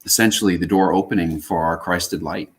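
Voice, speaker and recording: A man guest speaking in a calm, earnest, measured way on a live video call. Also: deep voice, slightly rough. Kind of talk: casual live-stream chat.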